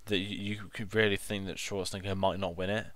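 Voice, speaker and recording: A man co-hosting a casual film review chat, enthusiastic and halting, repeating words. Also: sits low, flat delivery, fairly bright tone, no echo. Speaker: film club co-host.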